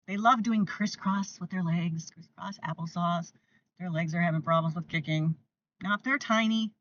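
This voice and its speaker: An older woman hosting parenting advice to camera, emphatic and repetitive, sometimes acting out gentle lines she would say to a toddler. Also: fairly low pitch, far from the mic, muffled recording, a little hiss or hum.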